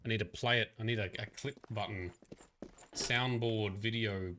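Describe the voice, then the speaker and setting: A man's voice: lowish voice, steady tone, normal speed, bright, forceful tone, a little hiss or hum. A man livestreaming a game with casual, chatty commentary, laughing often.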